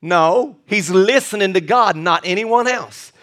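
A male pastor preaching a lively sermon with jokey asides and repeated restarts. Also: sits high, moderate pace, few pauses.

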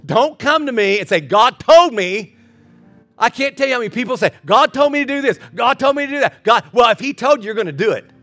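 A man preaching a sermon as pastor, building with repeated phrases and ending soft in prayer. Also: high-pitched.

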